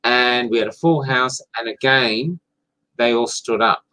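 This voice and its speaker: A man's voice: medium pitch, unhurried, bright, forceful tone, low-quality recording. Male playwright, casual storyteller, enthusiastic, mid voice. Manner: enthusiastic storyteller, rambling with restarts. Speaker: playwright and theatre maker. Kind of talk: casual chat.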